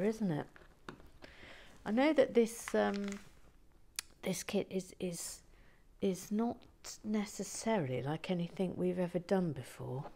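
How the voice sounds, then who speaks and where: A woman chatting casually to a live stream as she builds a kit, often dropping to a soft whisper and muttering to herself. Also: fairly low pitch, a little hiss or hum. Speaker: streamer building a brick kit and reading chat.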